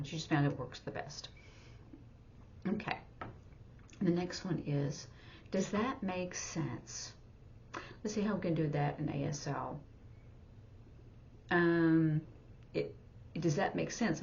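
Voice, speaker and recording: A woman with a low-pitched voice gives a casual sign language lesson, pausing often to think aloud. The recording is dull and lo-fi, with a faint noise underneath. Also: vocal fry, a little mellow. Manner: halting, thinking aloud, with many fillers. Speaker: sign language teacher and interpreter.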